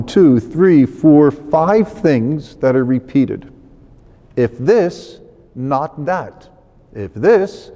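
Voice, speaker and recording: A man, a priest, explains a scripture passage in a relaxed, conversational teaching manner. His voice is mellow and slightly high for a man, and long reverb trails behind his words as if in a large hall. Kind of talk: scripture reflection.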